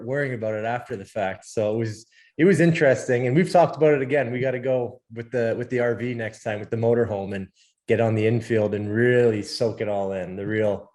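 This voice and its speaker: A man hosting a podcast in casual chat, relaxed and teasing, with rambling asides. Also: mid-range voice. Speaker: podcast host.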